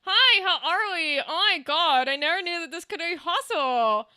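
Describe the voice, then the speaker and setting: A woman's voice: extremely high pitch, lively intonation, moderate pace, pushed and bright, dry recording, studio quality, full character voice. Sugary woman greeter, sing-song gush, done by a woman streamer. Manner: gushing, sing-song, mouth held still. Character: chirpy, overly sweet woman greeter.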